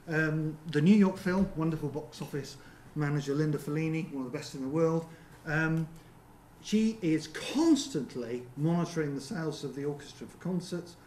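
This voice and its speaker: A man presenting at a seminar in a theatre, talking conversationally with frequent ums and quick rhetorical checks with the audience. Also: fairly high pitch, a little mellow. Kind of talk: conference presentation. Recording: roomy venue with faint background hum.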